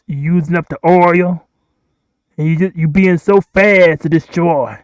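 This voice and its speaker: High-voiced man, rambling livestream talk. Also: measured pace, dry recording. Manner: repetitive, addresses countries directly, pleading. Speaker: livestream host. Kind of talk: rambling solo livestream monologue.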